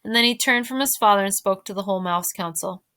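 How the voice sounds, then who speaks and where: Teacher lady reading a chapter book aloud to kids, expressive, bright dry voice. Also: mid-range voice, fast talker, no room sound. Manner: expressive, addresses listeners directly. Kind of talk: reading a novel aloud to a class.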